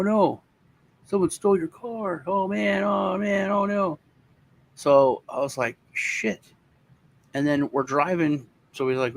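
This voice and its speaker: A man casually telling a long personal story, swearing now and then and acting out the voices of the people in it. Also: mid-range voice. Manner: animated, acts out the voices of people in his story. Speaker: co-host.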